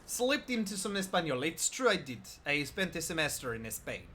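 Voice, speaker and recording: A man streaming a video game, joking and riffing in animated commentary. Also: on the high side, moderate pace, a little hiss or hum. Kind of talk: gameplay commentary.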